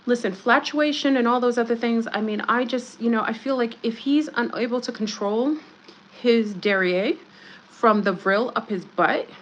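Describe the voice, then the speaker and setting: A woman's voice: a little high, moderate pace, rough recording. A woman hosting a casual livestream, rambling in a conspiratorial, joking way and greeting viewers by name. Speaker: livestream host.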